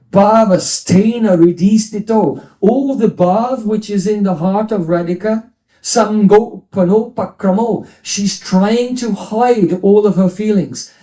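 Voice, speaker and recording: A man teaches a devotional lecture in a high, mellow voice, explaining scripture terms and dropping playful asides. His voice rings with the echo of a roomy hall. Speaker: spiritual teacher.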